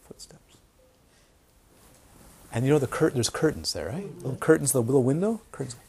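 A man giving an informal Dharma talk to a small group, telling stories with animated asides. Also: mid-range voice, quick pace, gravelly, a little hiss or hum. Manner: animated storytelling, acts out quoted voices. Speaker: meditation teacher.

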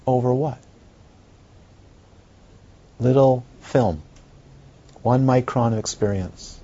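Taking it slowly with long pauses, a Buddhist teacher speaks to his students in a mid-range, slightly rough voice. His dharma talk is animated, packed with rhetorical questions and acted-out reactions from others. The highs are cut off in the audio.

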